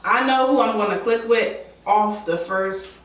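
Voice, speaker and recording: Woman mukbang host, slow, chatty and laughing, recorded far from the mic in a roomy space. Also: medium pitch, a bit bright. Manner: chatty, laughing, southern-style drawl words like y'all. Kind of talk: casual mukbang chat. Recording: echoey room from far off mic.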